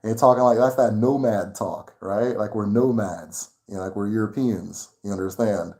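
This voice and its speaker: During a casual livestream, a man with a Nigerian English accent talks to viewers on his own channel in a low, mellow voice at a moderate pace. He grows heated as he rants, laughing frequently along the way.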